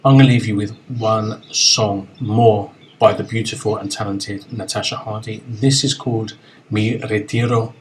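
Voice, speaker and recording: A man hosting a chat show, talking in playful, quick-fire banter with a guest. His pitch sits in an ordinary middle range, with faint noise in the background. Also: steady tone, low-quality recording. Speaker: host. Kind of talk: casual chat.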